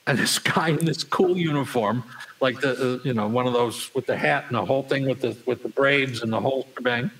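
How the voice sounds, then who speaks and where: A man's voice: brisk, low-quality recording. An older man, telling a story as a guest in an interview, acting out the people in it. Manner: animated storyteller, acts out voices with big pitch jumps. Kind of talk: storytelling anecdote.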